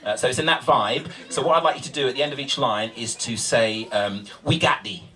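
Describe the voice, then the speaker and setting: A man's voice: medium pitch, a little fast, bright, forceful tone, recorded from a distance. A man, a spoken word poet, chatting casually and self-mockingly to a live audience before his poem, with plenty of ums and uhs.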